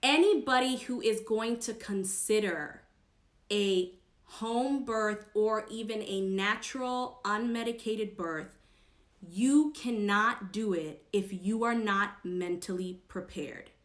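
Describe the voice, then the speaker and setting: A woman's voice: mid-range voice, slow. A woman vlogger sharing a personal story to camera in an earnest, emphatic, chatty way. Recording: echoey room.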